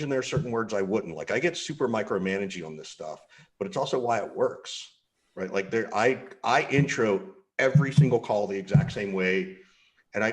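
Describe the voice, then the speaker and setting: Emphatic man on a sales panel. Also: sits low. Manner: emphatic, acts out coaching dialogues. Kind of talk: panel discussion on video call. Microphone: video call.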